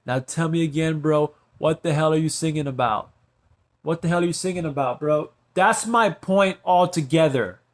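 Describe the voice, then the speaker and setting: Talking straight to the camera, a man rambles on, tacking "bro" and "right" onto nearly every sentence and drifting into quiet, drawled asides. His pitch is fairly high and his pace moderate.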